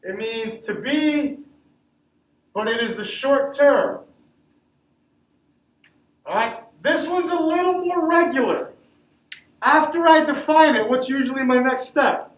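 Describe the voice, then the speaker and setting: A man's voice: very high-pitched, lively intonation, slow, pauses often. A man teaching Spanish grammar to a class, asking the students questions and answering them himself. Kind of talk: classroom lesson. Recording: echoey classroom from far off.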